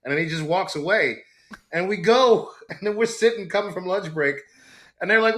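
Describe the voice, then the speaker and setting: A middle-aged man guest in a casual interview, telling a story with lively acted-out quotes. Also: brisk. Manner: animated storyteller, acts out quotes with big pitch jumps. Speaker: actor guest.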